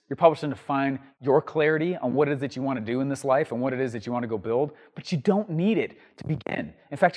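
A man hosting a show and teaching entrepreneurs, telling an energetic, rambling story to the camera with plenty of ums and restarts. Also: mid-range voice, big-room sound. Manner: writes on a board while talking.

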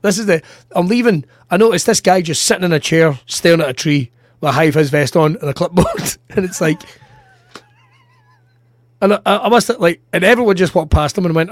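A Scottish man, a comedian co-hosting a podcast, telling sweary, animated anecdotes in casual chat. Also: sits high, a little fast, dry recording.

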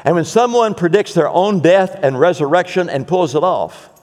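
A male pastor preaching a sermon, emphatic, with dramatic repetition and pauses. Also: high-pitched, a little mellow, big-room sound.

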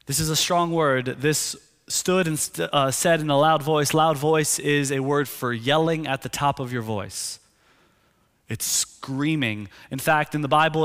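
A male pastor preaching a sermon, telling the scene vividly and dropping to a hushed, intense tone for key points. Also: fairly high pitch. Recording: long hall reverb.

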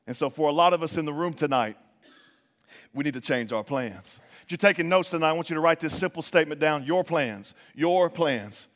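Guy pastor with a high voice, lively chatty sermon, long echo of a big hall. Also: a little fast. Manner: animated, acts out quoted voices, conversational. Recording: long reverb of a large hall.

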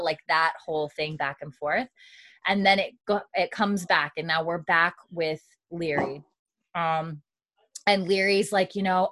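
A woman's voice: lowish voice, a little slow, fairly bright tone. A woman podcast host giving a chatty, casual episode recap, full of fillers and acted-out lines.

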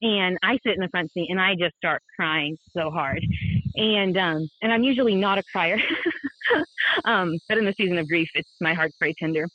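A woman in her thirties, a podcast guest and mother, telling a personal story in an animated, self-deprecating way with lots of laughs and fillers. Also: on the low side, moderate pace, no room sound. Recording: thin phone-like sound, dry.

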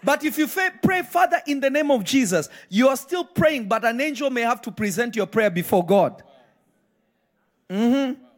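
A man's voice: extremely high pitch, expressive, moderate pace. A man preaching a live sermon in church, emphatic and firing repeated questions at the congregation. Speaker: pastor.

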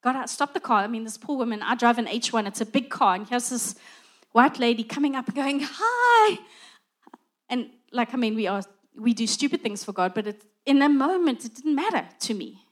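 Middle-aged woman preaching, high voice, chatty and lively, does little voices for people. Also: brisk. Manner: conversational, animated, acts out little dialogues. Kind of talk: sermon.

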